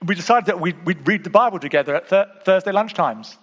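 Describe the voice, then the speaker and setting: A man preaching in a high, lifted voice, speaking to his congregation like friends. He drops to near-whispers, then bursts into emphatic exclamations. His words ring out in a large hall with a long reverb tail. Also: animated, fast, muffled recording. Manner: swings between hushed intimate asides and emphatic exclamations; conversational, with repeated calls to the audience. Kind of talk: sermon.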